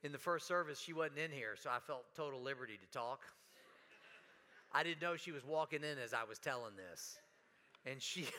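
A man preaching a sermon in a church, animated, breaking into sudden shouts and dramatic quoted lines. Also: medium pitch, moderate pace. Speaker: pastor. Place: church sanctuary.

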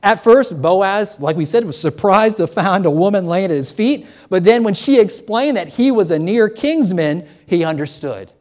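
Animated man preaching a sermon. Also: high-pitched, normal speed, few pauses. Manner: animated, acts out scripture with loud exclamations.

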